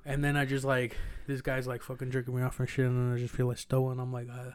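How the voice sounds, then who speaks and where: A man's voice: medium pitch, monotone, fast, crowd noise. A young man in his twenties, telling crude stories on a casual podcast with lots of slang and laughter. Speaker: podcast co-host. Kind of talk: casual chat.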